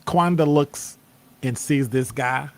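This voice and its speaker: A man's voice: mid-range voice, slow pace. A man, hosting a casual motivational live stream and acting out people's reactions with playful exclamations. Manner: animated, acts out quoted reactions with playful exclamations. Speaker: host. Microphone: streaming setup microphone.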